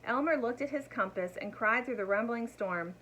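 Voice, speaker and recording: A woman reading a picture book aloud to children in an expressive voice, turning to her young listeners with asides. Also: a little high, moderate pace, a little hiss or hum, low-quality recording. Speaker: storyteller.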